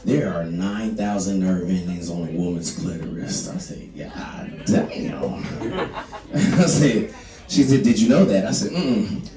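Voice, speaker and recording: A man's voice: lowish voice, unhurried, music in the background. A man doing a stand-up set, rambling loosely with lots of fillers. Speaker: stand-up comedian. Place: small comedy club. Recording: echoey club, mic from far off, loud crowd. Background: audience laughter.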